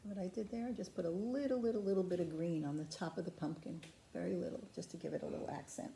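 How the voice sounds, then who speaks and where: A woman's voice: lowish voice, fast talker, vocal fry, a little hiss or hum. A woman patiently demonstrating ceramic painting step by step, chatting to the camera as she works. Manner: calm, patient, chatty instruction. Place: craft studio.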